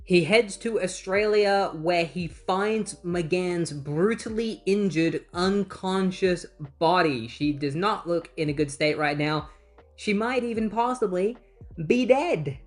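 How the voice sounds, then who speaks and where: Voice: medium pitch, slow pace, soft background music. A comic book reviewer casually recapping issues, mixing plot summary with chatty personal asides. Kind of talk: casual retrospective narration.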